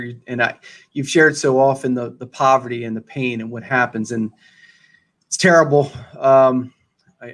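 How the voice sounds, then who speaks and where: A man hosting a podcast, interviewing a priest in a casual, halting way. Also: medium pitch. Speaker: podcast host.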